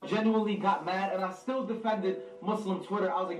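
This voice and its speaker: Male vlogger, high pitch, heard from a distance in an echoey room; defensive, exasperated. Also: steady tone, fast, hardly any pauses, slight background noise. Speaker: YouTuber. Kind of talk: casual vlog talk. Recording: roomy sound from a distance.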